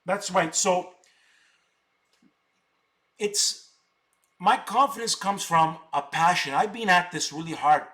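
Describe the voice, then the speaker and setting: High-pitched guy ranting on his trading livestream, bragging, hammers the same words over and over. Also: takes it slowly, pauses often, bright, forceful tone. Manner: boastful, combative, repeats words for emphasis. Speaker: stock options streamer. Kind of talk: live stream monologue.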